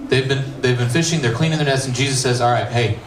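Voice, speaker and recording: A man preaching a youth sermon, a middle school pastor who retells the story in a lively, casual way and acts out the characters' lines. His voice sits at an average pitch and is heard from some distance in an echoey room. A faint ambience runs behind him. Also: fast talker, a little hiss or hum. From United States. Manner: animated storytelling, acting out dialogue with casual asides.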